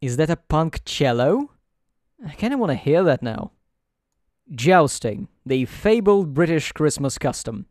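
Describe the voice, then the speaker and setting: A man's voice: a little high, big pitch swings, measured pace, a little mellow, no echo. A man giving dry, sarcastic gameplay commentary as host of a let's play.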